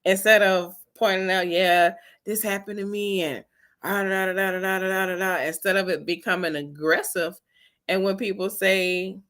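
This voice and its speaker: A woman's voice: mid-range voice, fairly even intonation, normal speed, a bit bright. A woman giving earnest, encouraging wellness advice to her viewers in a casual way, repeating her key points.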